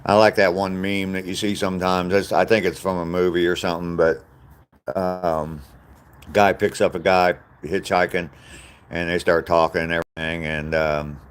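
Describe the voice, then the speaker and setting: Deep-voiced older man. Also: little pitch movement, moderate pace. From Southern US. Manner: plain-spoken, answers viewer comments directly. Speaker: live streamer. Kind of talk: casual live-stream chat.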